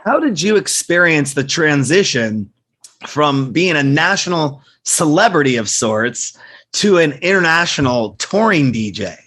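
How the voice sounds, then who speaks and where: A man's voice: a little high, sing-song, measured pace, a bit bright. An American man hosting an interview over a video call, asking upbeat, friendly questions. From United States. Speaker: interview host. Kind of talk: casual interview. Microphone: computer mic over a video call.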